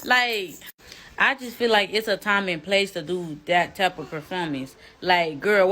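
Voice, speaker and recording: A woman's voice: mid-range voice, bright, forceful tone. A woman giving a blunt, exasperated casual rant straight to camera. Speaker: social media commentator.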